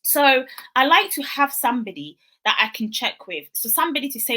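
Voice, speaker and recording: Bright-voiced woman giving a wellness talk. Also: sits high, very animated, normal speed. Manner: earnest, conversational, acts out quoted dialogue. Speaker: wellness speaker. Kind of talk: motivational talk.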